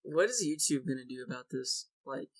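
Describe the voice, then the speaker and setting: A man's voice: medium pitch, expressive, brisk, poor audio. A young man in a casual group chat, rambling with many fillers and casual swearing. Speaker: podcast co-host.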